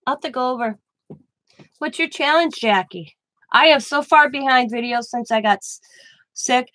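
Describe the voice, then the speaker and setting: A woman's voice: high-pitched, fairly bright tone. A woman hosting a casual crafting livestream from home, chatting with viewers by name and often restarting her sentences. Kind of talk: casual live-stream chat.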